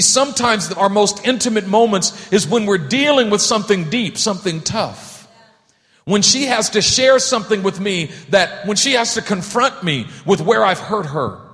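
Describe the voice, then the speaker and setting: Male pastor, lively swooping delivery, jokey sermon style, reverberant church hall. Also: high voice. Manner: animated, acts out voices for humor.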